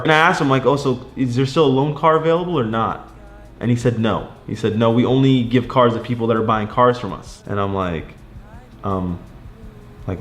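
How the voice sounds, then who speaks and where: Young male vlogger, quick rambling rant, roomy echo. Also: medium pitch, fairly bright tone. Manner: rambling, lots of likes and you knows; frustrated then upbeat. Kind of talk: casual vlog rant to viewers. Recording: echoey room.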